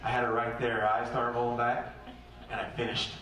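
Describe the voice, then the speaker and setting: A man's voice: mid-range voice, little pitch movement, fairly quick, crowd noise. A man doing a brash, punchy stand-up set and acting out the characters in his stories. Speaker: stand-up comedian. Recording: echoey club recording from a distance, loud noise.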